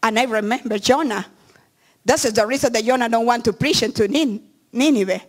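Preaching a sermon in earnest, a middle-aged woman pastor speaks halting, non-native English with frequent restarts, in a voice that's a little high.

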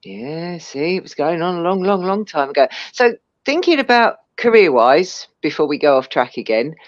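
An English woman hosts with a lively, swinging voice, chatty and eager. Her audio sounds dull and muffled, as if through a cheap mic. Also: lowish voice, moderate pace. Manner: chatty, enthusiastic, laughs easily. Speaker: host. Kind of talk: casual interview chat.

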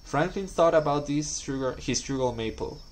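A man reading a children's storybook aloud at a school, calm and clear. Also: fairly high pitch, moderate pace, poor audio. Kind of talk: scripted narration.

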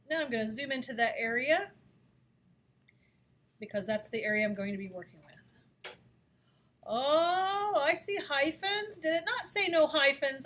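Lady teacher walking thru design software, kinda high voice, lots of ums. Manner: chatty, thinks aloud with fillers. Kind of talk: screen-recorded software lesson.

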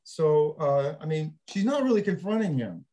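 A man with a fairly high-pitched voice hosts a casual panel discussion. He is animated and laughs easily, often slipping into acted-out quotes. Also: normal speed. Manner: animated, laughs while talking, acts out quotes. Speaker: panel host.

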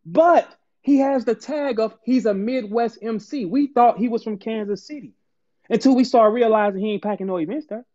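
St guy going off, high voice, cussing nonstop, muffled lo-fi stream sound. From St. Louis, Missouri. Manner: loud, aggressive, profane, rapid repetition. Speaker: battle rapper ranting on a stream. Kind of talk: heated profane rant.

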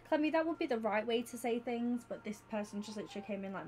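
A young woman streaming live, chatting with her viewers in an excitable, rambling way. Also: fairly high pitch, fast talker, few pauses. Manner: chatty and excitable, talks to chat by name. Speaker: Twitch streamer. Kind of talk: casual livestream chat with viewers.

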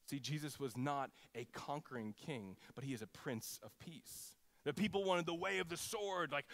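A man preaching a sermon as a pastor, in an animated, conversational way, acting out quotes. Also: fairly high pitch, dry recording. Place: church.

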